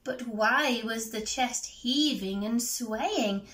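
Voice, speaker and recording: A teacher from England reading a picture book aloud to children, expressive, with asides to her listeners. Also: a little high, takes it slowly. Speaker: primary school teacher. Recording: echoey room.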